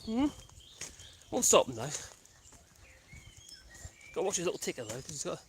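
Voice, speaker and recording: A vlogger walks his dogs along a rural footpath outdoors, chatting and rambling casually as he hikes, calling out to them and chuckling often. His voice is fairly high and very animated at a normal speed, with slight background noise.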